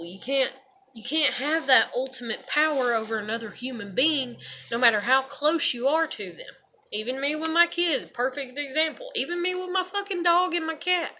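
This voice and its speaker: A woman's voice: fairly high pitch, sharp tone, slight background noise. A young woman talking candidly to the camera in a rambling personal vlog, swearing freely. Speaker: vlogger. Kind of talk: casual personal vlog monologue.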